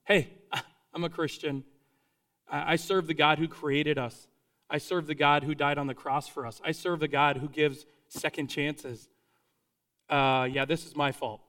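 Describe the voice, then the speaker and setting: A man's voice: a little high, steady tone, measured pace, fairly bright tone. A man voicing a nonchalant prophet who brushes off danger in a casual, shrugging way. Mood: dismissive.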